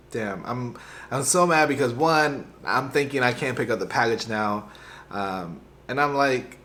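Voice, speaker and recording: A young man vlogging, retelling a frustrating errand in a rambling, animated way with lots of fillers and restarts. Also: mid-range voice. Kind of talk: casual storytelling to camera.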